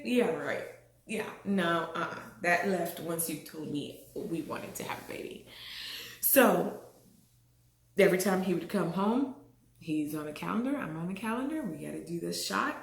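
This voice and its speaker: Speaking in a lowish, creaky voice, a woman from the Caribbean vlogs about her own life with frank expressiveness. She laughs a lot and acts out other people's words, in an echoey room.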